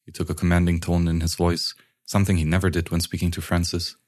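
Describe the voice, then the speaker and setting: A man narrating an audiobook in a steady, even reading manner. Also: sits low, fast talker.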